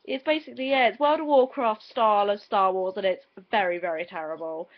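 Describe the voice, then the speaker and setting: A woman's voice: medium pitch, fairly quick. A teenage woman with an English accent telling a story in a casual vlog, chatty and giggly with dramatic retelling. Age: teens. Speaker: vlogger. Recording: dull lo-fi home video audio.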